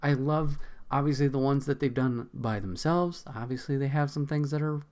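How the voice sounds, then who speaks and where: A man's voice: mid-range voice, moderate pace, a little mellow. A man hosting a podcast in a casual, profane, exasperated rant, laughing often. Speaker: podcast host.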